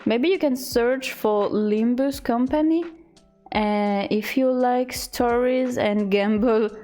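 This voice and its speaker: A young woman streamer in casual chat, reading out chat messages in a halting, giggly way. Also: a little high, dark tone, faint music behind.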